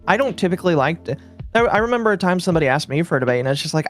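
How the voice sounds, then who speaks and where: A man speaks bluntly and with strong opinions in a casual podcast conversation. His voice sits a little high, he swears freely, and soft music plays underneath. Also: expressive, racing.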